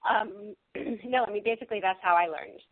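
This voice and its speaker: A woman's voice: a little high, very animated, normal speed, creaky, no room sound. An adult woman, an actress and activist, answering interview questions and telling stories with frequent giggles. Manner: warm storytelling, giggles between phrases. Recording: dry tinny phone-line audio.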